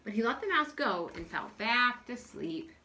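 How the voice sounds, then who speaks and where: A woman reading a children's picture book aloud in a friendly, expressive way. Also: on the high side, moderate pace, a little hiss or hum. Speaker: story reader.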